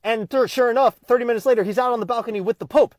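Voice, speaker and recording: A man telling a joke story aloud in a lively, animated way. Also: very high voice, very fast, dry recording.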